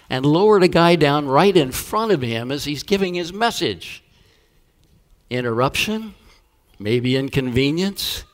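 A man pastor preaching a sermon, telling stories and acting out the voices of the people in them. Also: mid-range voice. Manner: storytelling with acted-out voices.

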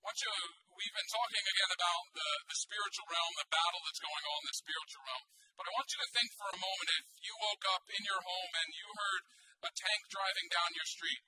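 A man's voice: high-pitched, a little fast, few pauses, bright, forceful tone, a little hiss or hum, rough recording. A man preaching a sermon in a conversational, storytelling way, often asking the listeners rhetorical questions. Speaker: pastor.

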